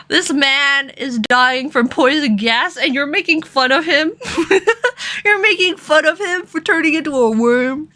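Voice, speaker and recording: Bright giggly woman streamer. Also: sits high. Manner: giggly, dramatic reading with playful asides. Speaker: gaming streamer. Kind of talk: let's play, reading game text aloud.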